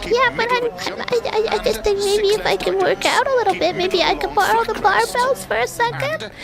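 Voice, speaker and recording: A man's voice: very high voice, normal speed, gravelly, pitched above the performer's own voice, rough recording. A man doing a meek scrawny inner weakling. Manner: hesitant, pleading, stammering. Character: scrawny timid male inner self, meek and hopeful. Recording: music playing behind.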